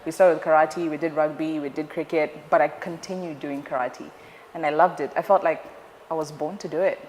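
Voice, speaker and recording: A young woman tells stories as an interview guest, chatty and playful. Her voice sits a touch low. The room rings with a long reverb, and a faint hiss lies under it. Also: fairly quick. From Zimbabwe. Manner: chatty and playful, animated storytelling. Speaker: guest, news anchor. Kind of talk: casual interview chat.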